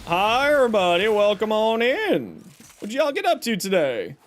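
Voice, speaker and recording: A man's voice: sits high, huge pitch swings, normal speed, slight background noise. A man live-streaming a video game, upbeat and chatty, greeting viewers and answering their questions. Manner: upbeat, greets chat warmly, baby-talks his pet.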